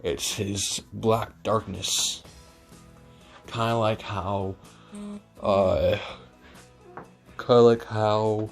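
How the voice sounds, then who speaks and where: Rambling low-voiced man telling a story. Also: steady tone, extremely slow, vocal fry, long pauses, soft background music. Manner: rambling, many fillers and self-corrections. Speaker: fan storyteller. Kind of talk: improvised fan-fiction storytelling.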